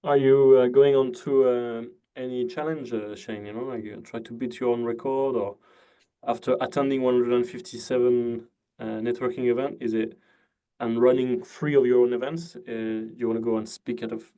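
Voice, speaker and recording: A male host with a dark, mellow voice at a middling pitch asks his guest questions. He hesitates often, with many "uh" fillers, keeping a relaxed, conversational tone. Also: normal speed, smooth. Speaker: podcast host. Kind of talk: casual interview chat.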